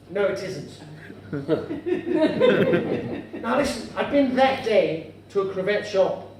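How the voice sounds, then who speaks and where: Posh-sounding formal guy doing stand-up, very high voice, echoey room, kinda far from the mic. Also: sing-song, slow, long pauses. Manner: formal, florid, addresses audience as madam and sir. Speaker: stand-up comedian. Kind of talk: stand-up comedy. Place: live comedy venue. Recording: echoey live room from afar, noisy.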